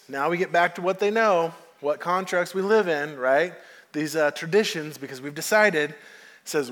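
High-voiced preaching man in a hall. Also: moderate pace. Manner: conversational, animated storytelling preaching. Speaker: pastor. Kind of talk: sermon. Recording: long hall reverb.

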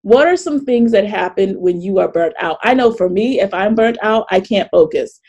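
A middle-aged woman hosting a live online workshop over a video call, chatty and animated, often laughing and reading chat comments aloud. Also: medium pitch, moderate pace, lo-fi sound. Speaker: coach and webinar host.

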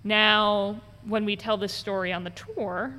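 A woman's voice: medium pitch, measured pace. A woman who gives ghost tours, telling stories in conversation and acting out the voices of the people in them. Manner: animated storyteller acting out quoted voices. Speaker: ghost tour guide. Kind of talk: conversational storytelling interview. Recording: long reverb with faint background noise.

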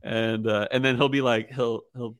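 A man's voice: mid-range voice, level tone, normal speed, no echo, studio quality. A young man hosting a casual podcast chat, rambling with lots of fillers and easy laughter. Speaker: podcast host.

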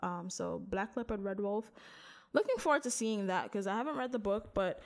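A woman co-hosting a podcast in casual chat, animated, laughing often and swearing casually. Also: medium pitch, normal speed. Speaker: podcast co-host.

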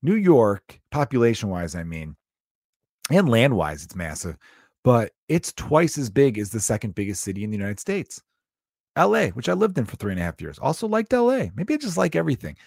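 A man's voice: mid-range voice, huge pitch swings, fairly quick, creaky, darkish tone, dry recording, clean studio sound. A man in his thirties hosting a podcast, rambling and joking in a casual monologue, swearing freely. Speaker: podcast host.

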